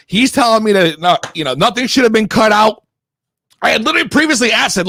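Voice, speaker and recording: A man's voice: high voice, lively intonation, brisk, sharp tone, no room sound. A young man from Connecticut telling a story in a casual, profane, heated way, slangy and rambling. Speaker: podcast regular telling a story.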